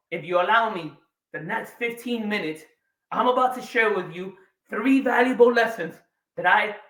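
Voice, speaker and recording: Guy in his 40s doing a big keynote story, dramatic pauses, roomy hall sound, mic kinda far. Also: sits high. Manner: dramatic pauses, swings between quiet and loud. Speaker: keynote speaker. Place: large event room or hall. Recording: echoey hall, voice a bit distant.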